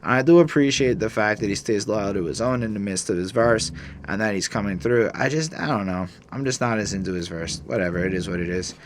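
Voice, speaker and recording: Young male podcast host, low-pitched, relaxed and profane, with noticeable background noise. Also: brisk. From Canada. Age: young adult. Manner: laid-back, joking, swears freely. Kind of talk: casual album review chat.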